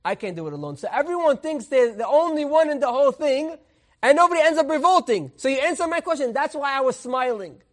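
A man teaching a Torah lesson as a rabbi, telling a parable in an animated way and mixing in Hebrew terms. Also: extremely high pitch, fairly quick.

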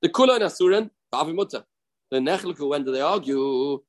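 A man's voice: on the high side, expressive, fairly quick, rough recording. A man teaching a daily Talmud lesson, explaining the text, acting out its cases and repeating key phrases for emphasis.

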